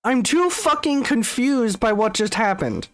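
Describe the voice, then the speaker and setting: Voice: mid-range voice, animated, measured pace, a bit bright, a little hiss or hum. A gaming streamer giving let's-play commentary, swearing often and ranting in exasperation.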